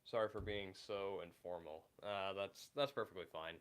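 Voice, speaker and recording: A man's voice: deep voice, normal speed, a bit bright, clear, resonant tone. A man hosting a casual live stream, rambling and hesitant with many fillers while recovering from being sick. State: recovering from illness. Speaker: livestream host reading chat.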